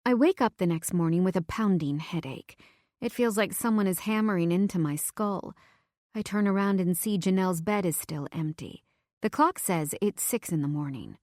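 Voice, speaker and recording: A woman's voice: mid-range voice, lively intonation, moderate pace, a little mellow, dry recording. A young adult woman narrating a first-person romance audiobook in an emotive, confessional way on a close studio mic.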